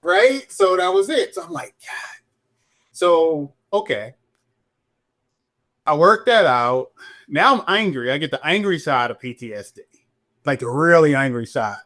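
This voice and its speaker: A middle-aged man speaks as a podcast guest in a slightly high register. He tells his police story candidly and animatedly. He jumps higher still whenever he acts out what someone said. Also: very animated, a little slow, pushed and bright.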